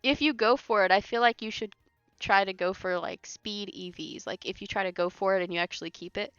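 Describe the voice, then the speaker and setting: A woman's voice: medium pitch, a little fast, fairly bright tone, smooth, no echo. A woman chats loosely while she plays a game on stream, her talk full of fillers and frequent laughter. The recording is dry and a little muffled, with faint music underneath. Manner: laughs often, rambling with many fillers. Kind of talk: casual chat while playing a game live.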